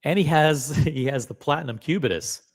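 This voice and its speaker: A middle-aged man hosting a live stream, excitable and rambling, with many fillers and some swearing. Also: on the high side, moderate pace, breathy edge. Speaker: host. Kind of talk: casual live-stream chat.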